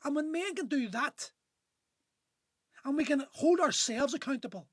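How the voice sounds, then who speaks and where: A man's voice: very high voice, expressive, normal speed, no room sound. A man in his forties, a gym owner, ranting fervently on a phone livestream, swearing often and restarting his sentences. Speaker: gym owner and men's coach. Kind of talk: impassioned live-stream monologue.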